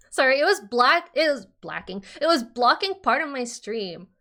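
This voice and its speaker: A woman's voice: sits high, big pitch swings, a little slow, sharp tone. A young woman streaming a game, chatting casually with playful, giggly teasing. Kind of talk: casual let's-play commentary. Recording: faint game music behind.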